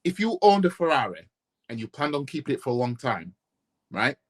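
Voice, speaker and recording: A man's voice: mid-range voice, big pitch swings, fairly quick. A man from Yorkshire ranting in a casual football fan vlog, blunt and profane, repeating himself and firing off rhetorical questions. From Yorkshire, England.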